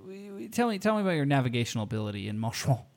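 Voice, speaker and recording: A man's voice: medium pitch, very animated, racing. A man hosting a podcast in casual chat, teasing his co-host with crude humor.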